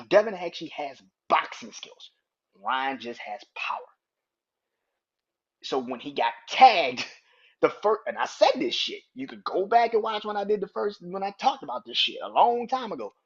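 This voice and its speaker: A man's voice: high-pitched, breathy edge. A man hosting a solo sports podcast, ranting in a heated, profane, emphatic way. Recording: dull lo-fi recording.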